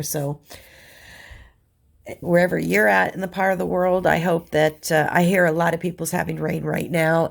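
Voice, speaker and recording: A woman's voice: fairly low pitch, gravelly. A woman hosting her crafting channel, chatting casually while she works on a canvas. She sounds congested from a cold and talks in a rambling, chatty way. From Virginia.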